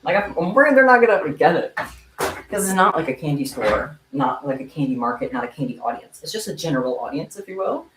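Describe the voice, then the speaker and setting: Her voice is deep, very animated, and brisk, with a fairly bright tone and a bit of hiss or hum. This young streamer chats casually while making kandi bracelets in a room at home, meowing at her cat, and the echoey space adds faint ambience.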